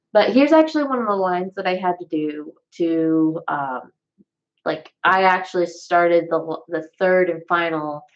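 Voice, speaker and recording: A woman's voice: on the low side, highs cut off. A young woman from the American South with a Southern accent, chatting casually to camera in a rambling, self-deprecating way. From Southern United States. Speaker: vlogger.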